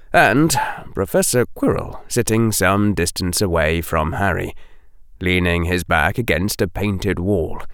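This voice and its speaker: A man narrating an audiobook in a steady, expressive storytelling manner. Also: fairly low pitch, smooth, no room sound, studio quality. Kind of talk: scripted narration.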